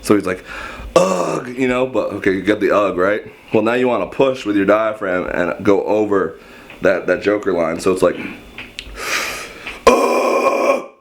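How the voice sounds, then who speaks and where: Low-voiced man casually explaining screaming. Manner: rambling, self-deprecating, halting restarts. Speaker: screaming vocal instructor.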